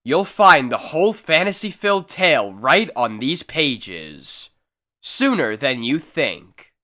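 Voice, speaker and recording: A man reading a comic book aloud as narrator, with slow, theatrical delivery. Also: a little high, sing-song, bright, forceful tone.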